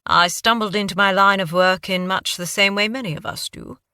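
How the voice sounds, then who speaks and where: A man's voice: sits high, fairly even intonation, moderate pace, pushed and bright, smooth, dry recording, clean studio sound, heavily acted. A woman doing an urbane British scholar. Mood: wry. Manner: urbane, self-deprecating. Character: refined British-raised male scholar, wry.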